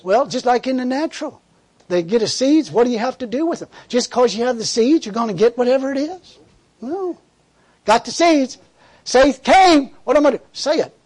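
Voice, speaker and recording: A man's voice: very high voice, expressive, a little fast, a little mellow. A man preaching a sermon in a fervent, conversational way, repeating words and laughing as he tells a story.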